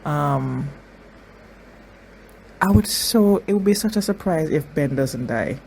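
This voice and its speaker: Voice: mid-range voice, lively intonation, slow, creaky, darkish tone, a little hiss or hum, poor audio. A host giving emotional commentary on a TV episode, tearful at times, repeating phrases and restarting sentences often. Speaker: reaction video host.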